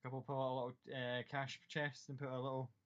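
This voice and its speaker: A man's voice: medium pitch, monotone, fast. Man running a tabletop game, lo-fi. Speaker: game master. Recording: dull lo-fi sound.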